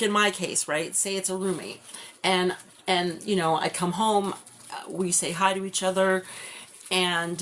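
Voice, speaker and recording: A woman's voice: lowish voice, a bit bright. A woman giving a live-stream tarot reading, talking in a loose, rambling way full of "like" and "you know". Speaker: tarot reader.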